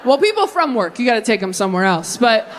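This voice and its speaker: A young woman doing stand-up comedy on stage, chatting with the crowd and veering into quick asides. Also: a little high, noisy background. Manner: animated, tangent-prone, quick asides to the crowd.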